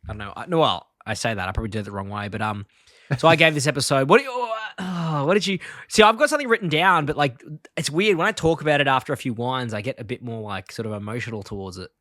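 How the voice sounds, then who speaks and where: A man's voice: medium pitch, animated, quick pace, fairly bright tone, no echo, clean studio sound. A man co-hosting a podcast, recapping a cartoon episode in a rambling, laughing casual chat. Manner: rambling, lots of fillers and laughter. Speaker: podcast co-host.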